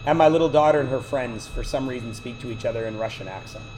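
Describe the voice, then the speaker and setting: A man's voice: mid-range voice, quick pace, a little mellow, a little hiss or hum, low-quality recording. A man teaching math to a class, lecturing with chatty, joking side stories. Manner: chatty, digressive, joking asides.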